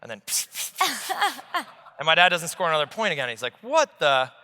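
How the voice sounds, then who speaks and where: A man in his forties, an investor telling stories in an animated, blunt way on a conference stage, swearing freely. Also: a little high, normal speed. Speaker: investor guest. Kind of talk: on-stage conversation. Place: large conference hall stage. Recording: long hall reverb.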